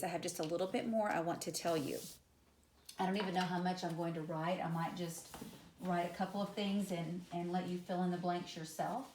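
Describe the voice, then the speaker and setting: A woman English teacher giving a conversational lecture, repeating example words aloud and using casual fillers. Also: fairly low pitch. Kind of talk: classroom lecture at a whiteboard. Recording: echoey room.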